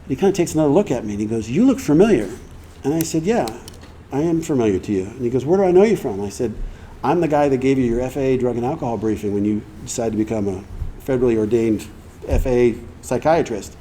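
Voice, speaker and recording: A man's voice: medium pitch, quick pace, dark tone, slight background noise. A middle-aged man telling his recovery story to an audience, acting out the dialogue and laughing along the way. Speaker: recovery speaker. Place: meeting hall before an audience.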